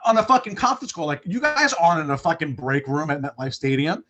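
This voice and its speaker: A man in his thirties co-hosts a sports podcast, ranting heatedly in casual sports talk full of swearing and restarts. His voice is a little high and fast.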